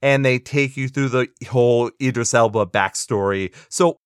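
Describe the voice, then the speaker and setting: A man's voice: mid-range voice, normal speed, clean tone, dry recording. Man, podcast co-host, opinionated, sarcastic, dry close sound. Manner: opinionated, sarcastic, laughs often. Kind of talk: casual movie review chat.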